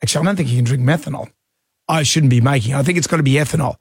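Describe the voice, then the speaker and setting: A man's voice: medium pitch, rapid-fire, slightly rough, dry recording, clean studio sound. A man co-hosting a radio show, joking and laughing easily in casual banter. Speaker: radio co-host.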